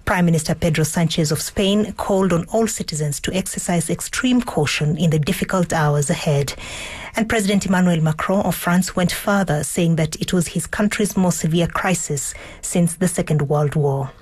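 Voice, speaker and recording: A woman's voice: fairly low pitch, normal speed, darkish tone, slightly rough. A female radio presenter introducing stories live in a composed manner.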